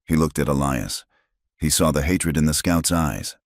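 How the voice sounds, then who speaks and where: A man reading a dramatic frontier tale as scripted narration in a steady storyteller's manner. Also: rumbling low, normal speed, vocal fry, dry recording, studio quality.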